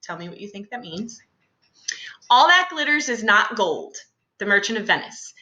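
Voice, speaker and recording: A woman's voice: medium pitch, big pitch swings, moderate pace, sharp tone, echoey room, muffled recording. A young adult woman teacher talking through a class lesson in a chatty, casual way with many fillers and asides.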